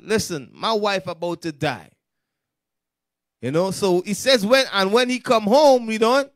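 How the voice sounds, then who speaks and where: A man leading a street-style Bible lesson in slangy, animated talk, acting out the voices of the people in the text. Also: high-pitched, moderate pace, no room sound, studio quality. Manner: slangy, animated, acts out quoted speech. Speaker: Bible study teacher.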